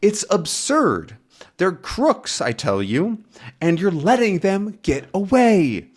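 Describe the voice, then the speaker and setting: A man's voice: on the high side, sing-song, slow, pitched above the performer's own voice. Man voicing an indignant young boy reporter. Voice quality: raised, urgent pleading voice.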